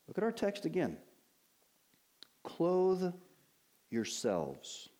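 A man's voice: sits high, wildly swooping pitch, drawn-out words, dark tone. Earnest male pastor preaching a sermon. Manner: earnest, emphatic preaching with rhetorical questions. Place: church sanctuary at a pulpit.

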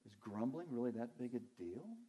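Mellow-voiced man preaching a sermon. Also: mid-range voice, expressive, normal speed. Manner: earnest, asks and answers his own questions. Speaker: pastor.

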